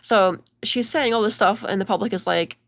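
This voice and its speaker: A woman's voice: medium pitch, normal speed, no room sound. A young woman hosting a casual commentary video, chatty and mocking, talking over clips with lots of "like" and restarts.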